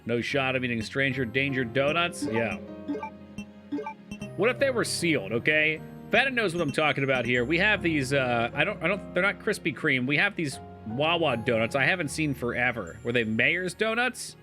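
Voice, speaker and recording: A man's voice: mid-range voice, sing-song, moderate pace. A man chatting casually and joking with his viewers while playing a game, swearing freely. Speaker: streamer. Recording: live stream with loud game music behind. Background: game music.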